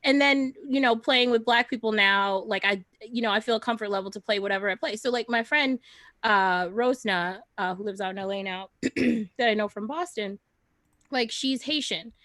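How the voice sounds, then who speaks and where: A woman's voice: a little high, moderate pace, fairly bright tone, no room sound. Woman, dry close sound, frank and blunt, laughs between phrases, panel talk. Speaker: improv comedian panelist. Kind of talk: casual panel discussion.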